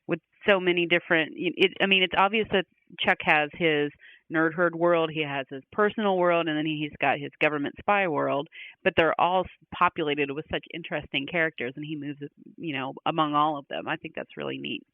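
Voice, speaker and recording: A man's voice: a little high, steady tone, brisk, dry recording. A man co-hosting a casual fan podcast, agreeable and upbeat. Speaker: podcast co-host. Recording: phone-like tinny sound.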